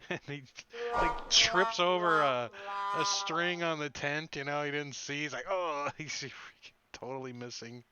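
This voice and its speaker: A man narrating as game master of a tabletop game, lively and chuckling often. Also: a little high, measured pace, slight background noise. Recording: slightly muffled online audio.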